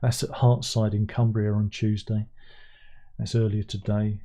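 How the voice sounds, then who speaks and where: A man's voice: on the low side, level tone, a little slow, warm tone. An older British man hosting a casual livestream, rambling and chatting with dry, self-mocking asides. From Britain. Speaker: livestream host.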